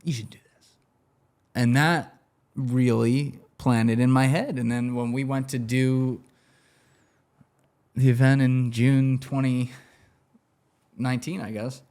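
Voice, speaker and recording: A man's voice: mid-range voice, steady tone, slow pace, long pauses, a little mellow. A man telling stories as a podcast guest, in a loose, profane, laughing way. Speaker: guest, former banker turned interviewer. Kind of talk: casual storytelling on a podcast.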